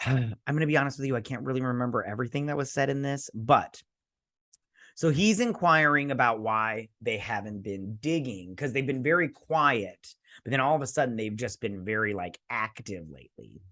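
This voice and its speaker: A man's voice: mid-range voice, lively intonation, moderate pace, pushed and bright, dry recording. Male host, casual rambling review, sarcastic asides, dry close sound, mid-range voice. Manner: rambling, sarcastic, acts out characters. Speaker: show host reviewing a TV episode.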